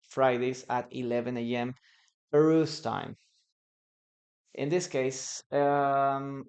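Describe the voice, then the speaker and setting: A man teaching a live online English class, slowly repeating words and sentences so students can practice pronunciation. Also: medium pitch, smooth. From Peru. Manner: slow, patient, repeats words for pronunciation drills.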